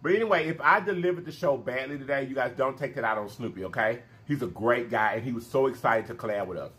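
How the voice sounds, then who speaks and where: A man hosting a mukbang vlog, talking straight to his viewers in an animated, emphatic way and repeating his phrases for effect. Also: medium pitch, quick pace. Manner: emphatic, preachy encouragement. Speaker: mukbang channel host. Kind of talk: casual vlog sign-off talk.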